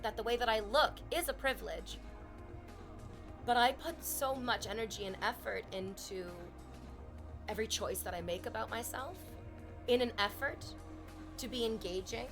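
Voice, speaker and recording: Young woman streamer, candid and profane, slightly high bright voice over faint music. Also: gravelly. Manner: candid, emotional, laughs loudly, swears freely. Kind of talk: casual chat with stream chat.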